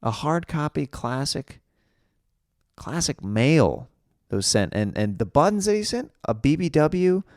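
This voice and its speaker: Excitable young male podcast host. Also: a little high, unhurried, no echo, clean studio sound. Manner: excitable, chatty, laughs often. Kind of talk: casual solo podcast chat.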